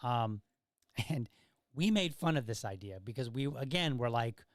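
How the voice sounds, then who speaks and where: A man's voice: mid-range voice, lively intonation, measured pace, dry recording, clean studio sound. A middle-aged man hosting a podcast, telling stories in a casual monologue and often checking in with "right?". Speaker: podcast host.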